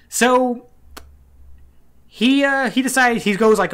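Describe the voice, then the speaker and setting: A man's voice: very high-pitched, lively intonation, slow pace, long pauses, a bit bright. A young man co-hosting a podcast, recapping a game story in a loose, wry way full of "like". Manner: loose and wry, peppered with "like", mimics characters. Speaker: podcast co-host.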